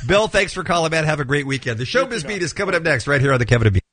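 A male morning radio host who talks fast and swings his voice all over the place. He jokes and teases his callers and co-hosts in quick banter. His voice sits a touch high. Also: very animated, a bit bright, no echo. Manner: quick, playful, teasing.

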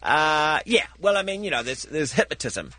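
Laughing New man, very lively pitch. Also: normal speed, no room sound. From New Zealand. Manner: laughing often, animated, jumps between low and high. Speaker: guest comedian. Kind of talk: casual chat on a talk show.

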